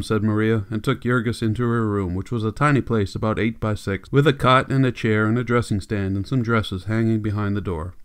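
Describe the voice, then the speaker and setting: A man reading a classic novel aloud as an audiobook narrator, in measured, steady storytelling. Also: on the low side, clear, resonant tone. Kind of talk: scripted narration.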